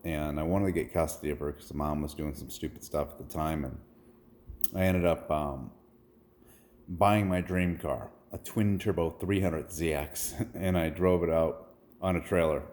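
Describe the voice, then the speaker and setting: A man's voice: very deep voice, steady tone, normal speed, a little mellow, slight background noise. A man in his forties telling a rambling, earnest personal story that turns preachy when he quotes scripture. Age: 40s. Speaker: vlogger.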